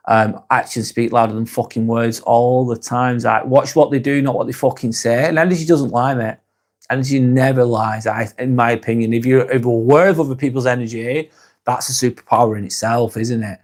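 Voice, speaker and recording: Plain-spoken Lancashire man, swearing freely. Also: medium pitch. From England. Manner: frank, swears freely, muses aloud. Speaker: live-stream host. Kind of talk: casual live-stream chat reading comments.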